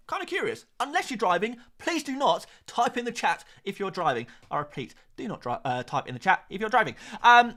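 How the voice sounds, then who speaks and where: A man chats casually on a live stream, joking with viewers and muttering asides to himself between points. His voice is bright and fairly high, swinging widely in pitch.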